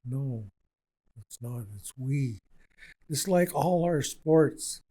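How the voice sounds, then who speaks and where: An older man, an Indigenous elder, telling stories in a slow, repetitive, earnest way during a conversation. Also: medium pitch, warm tone, poor audio. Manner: unhurried and repetitive, speaking with conviction.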